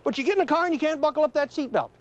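A man's voice: very high voice, animated, racing. A middle-aged man, a retired police trooper, telling true stories to students in a folksy, conversational lecture. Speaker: retired police trooper giving a safety talk. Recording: dull lo-fi early 1980s film audio.

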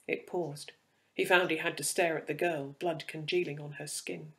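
A man giving a measured, dramatic reading of dark fiction. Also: a little high, steady tone. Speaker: reader.

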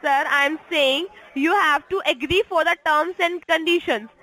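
A woman on a phone call reading a scripted offer, fast and repetitive, insisting the caller agree. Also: high voice, sharp tone. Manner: reads a script fast, repeats lines insistently. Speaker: phone scammer. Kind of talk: scripted phone sales pitch.

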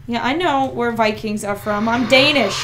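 A woman co-hosting a let's play, chatting playfully and reading the game's text aloud. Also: a little high. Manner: playful, giggly, quick asides. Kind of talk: casual gameplay chat, reading game text aloud. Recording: noisy home recording.

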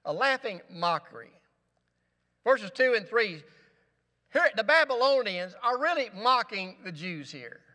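A man's voice: very high voice, expressive, unhurried, sharp tone, big-room sound. A male pastor preaching a sermon in a church, with rising emphasis and rhetorical questions. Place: church sanctuary.

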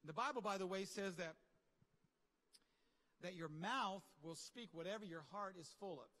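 Male pastor, high-pitched, lively conversational preacher, reverberant hall sound. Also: normal speed. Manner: animated, conversational preaching with slang and asides. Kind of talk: sermon. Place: large church hall.

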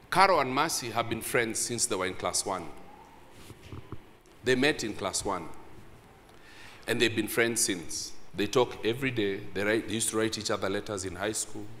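A man preaching a sermon, telling a story with animated delivery and acting out what people said. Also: on the low side, slight background noise. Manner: animated, acts out others' lines. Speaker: pastor. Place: church hall. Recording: reverberant hall.

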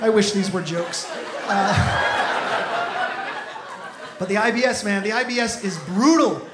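A man doing a stand-up comedy set on stage, telling stories in an animated, exasperated way into a handheld mic. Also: sits high, measured pace, over a noisy crowd, very noisy. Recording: echoey venue with loud audience ambience. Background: audience laughter.

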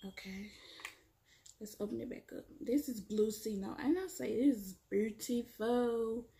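A woman with kids doing a casual, chatty product review, excitedly addressing viewers as y'all. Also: on the high side, moderate pace, gravelly, a little hiss or hum. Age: adult, has kids. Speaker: beauty vlogger.

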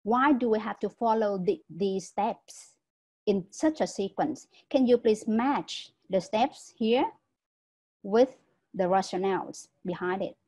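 A woman trains teachers in an online lecture, speaking in a warm, mellow and slightly husky voice. She explains patiently, step by step, and keeps checking in with "right?". The sound comes through a video call. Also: mid-range voice, takes it slowly, rough recording.

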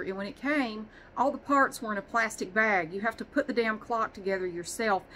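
A woman's voice: medium pitch, a bit bright, a little hiss or hum, low-quality recording. A woman vlogger chatting casually, rambling and swearing with self-deprecating humor. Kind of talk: casual chat.

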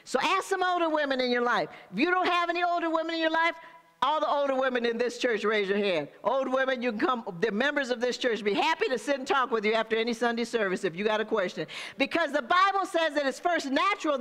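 Older woman pastor, bright forceful tone, congregational sermon style. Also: high-pitched, in a large hall. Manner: preaching with call-and-response asides.

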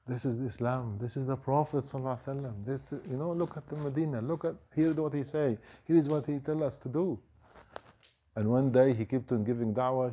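Animated man telling a mosque story. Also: medium pitch, breathy edge. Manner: animated storytelling, acts out quoted voices, frequent Arabic phrases. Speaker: imam giving a short evening reminder. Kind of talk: storytelling sermon.

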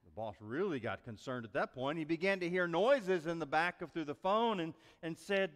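A man preaching a sermon as pastor, telling a story in a folksy, animated way with many restarts. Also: fairly high pitch, moderate pace, few pauses. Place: church sanctuary. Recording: long reverb of a church sanctuary.

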